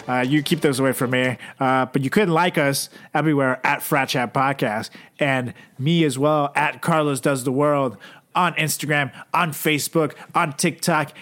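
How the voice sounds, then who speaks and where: A man co-hosting a comedy podcast, rambling in a deadpan, sarcastic way with lots of restarts. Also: a little high. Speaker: podcast co-host.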